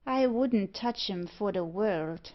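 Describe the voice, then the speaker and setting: A cautious, rough-talking rogue in broad dialect, voiced by a woman. The audiobook sounds dull and lo-fi. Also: mid-range voice, animated, slow. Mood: wary. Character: wary gruff male rogue sandman. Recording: muffled lo-fi audiobook recording.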